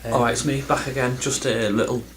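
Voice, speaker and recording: A man's voice: medium pitch, little pitch movement, quick pace, fairly bright tone, a little hiss or hum, poor audio. Rambling man vlogging casually. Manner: rambling, self-deprecating, lots of ums and restarts. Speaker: video game collector vlogger. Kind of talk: casual chatty vlog.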